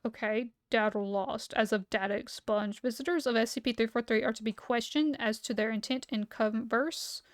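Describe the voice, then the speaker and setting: Young woman, casual live-stream chat, slightly high pitch, dry sound, losing her voice. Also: fairly even intonation, moderate pace, few pauses, no room sound. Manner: chatty, reads aloud then reacts.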